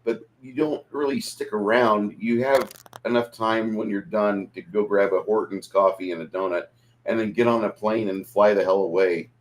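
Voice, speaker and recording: Male co-host for a casual podcast chat, lowish voice, joking and quick to riff. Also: steady tone, rough recording.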